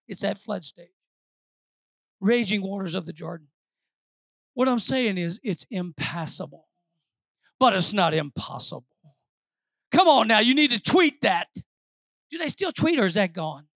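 Lady preacher going from low asides to shouting, repeats lines, dry recording. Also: animated, normal speed, vocal fry, long pauses, no room sound. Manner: preaching with swings from quiet asides to shouted emphasis; repeats phrases for emphasis. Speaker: pastor. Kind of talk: sermon.

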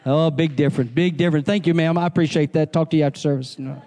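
A man preaching a sermon in a church service. He calls out to the congregation, mixes in jokey asides and builds up to shouting. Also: fairly high pitch, steady tone, fast. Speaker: pastor.

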